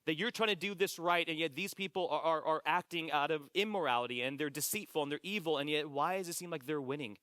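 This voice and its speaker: A man's voice: fairly high pitch, pushed and bright, no echo, studio quality. Earnest male pastor preaching. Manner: earnest, repeats phrases, slows for quoted scripture. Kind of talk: sermon. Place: church sanctuary.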